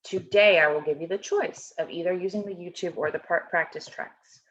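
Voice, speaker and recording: This online music lesson features a woman teaching choir over a video call, her lowish, fairly bright voice moving at a moderate pace. She breaks down a score step by step in an encouraging, instructive way, frequently asking "okay?". The recording has the dull, lo-fi quality of call audio.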